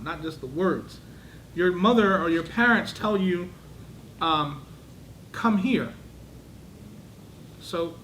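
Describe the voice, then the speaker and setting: High-voiced man teaching a class. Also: fairly bright tone, slight background noise, low-quality recording. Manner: asks the class questions, acts out voices to show tone. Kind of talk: lecture to a class.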